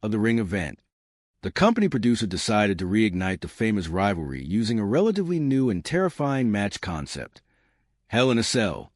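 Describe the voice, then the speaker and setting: A man reading scripted documentary narration in a measured, expository way. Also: lowish voice, sing-song, dry recording, studio quality.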